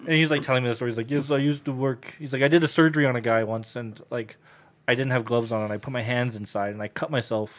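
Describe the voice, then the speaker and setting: A young man co-hosting a podcast, telling a story in casual chat, animated, acting out the people he quotes, swearing and laughing often. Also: medium pitch, fast talker. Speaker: podcast co-host.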